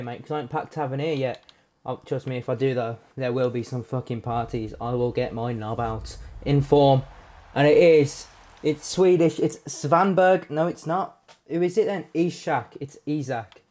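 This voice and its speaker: A man commentates his pack opening on a live stream. He swears freely and bursts into loud shouts whenever a card he wants appears. His voice sits at an ordinary middle pitch. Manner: excitable, sweary, loud outbursts at good pulls.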